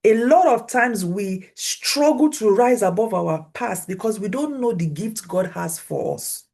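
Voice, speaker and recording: Woman preacher at mid pitch, animated, dramatic pitch swings, repeats phrases for emphasis. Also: unhurried, creaky. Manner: animated, swings pitch widely when acting out voices. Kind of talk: sermon.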